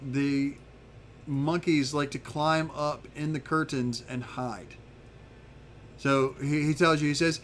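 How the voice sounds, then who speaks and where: A man's voice: a little high, a little hiss or hum. A man narrating as game master of a tabletop game, restarting his sentences often as he talks. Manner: rambling, repeats words when starting a thought.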